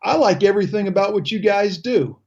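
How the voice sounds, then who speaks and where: A man's voice: high-pitched, lively intonation, brisk, darkish tone, slightly rough, highs cut off. A man in his fifties hosting a radio talk show, chatting casually and easily with his guests. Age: 50s.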